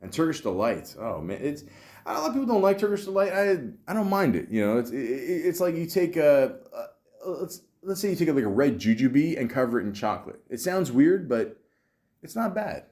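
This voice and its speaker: A man hosts a casual film-talk podcast, rambling about movies with plenty of fillers and the occasional swear word. His voice is on the high side, sing-song and a little mellow, at a normal speed.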